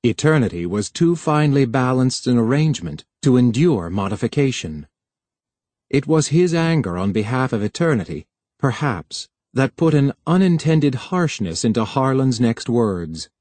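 A man's voice: mid-range voice, big pitch swings, normal speed, darkish tone, dry recording. Man narrating an audiobook, dry close sound.

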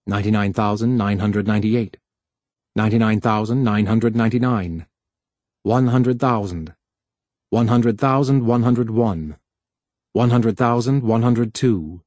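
A man's voice: medium pitch, a little mellow, dry recording. Man narrating a novel, dry sound. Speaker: audiobook narrator. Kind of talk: scripted narration.

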